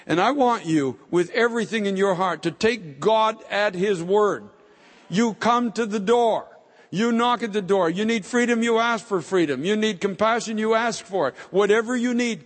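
A man's voice: high voice, long reverb tail. A man preaching a fervent sermon as pastor, urging his congregation with repeated calls. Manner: fervent, repetitive exhortation.

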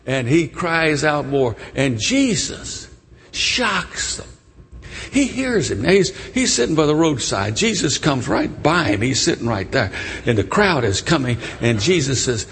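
A man preaching a storytelling sermon, animated and emotional as he retells a story. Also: a little high, measured pace, slightly rough. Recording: long church reverb.

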